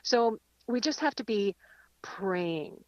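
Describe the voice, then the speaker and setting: A woman guest calling in to a radio show from her car, telling a lively story and laughing easily. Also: mid-range voice, slow, no echo, dull audio. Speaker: guest speaker. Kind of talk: live radio chat and reflection. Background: rain.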